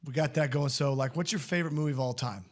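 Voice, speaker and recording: A man's voice: a little high, fast. Chatty, rambling podcast host man. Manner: rambling, chatty, laughs often, many restarts. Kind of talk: casual chat.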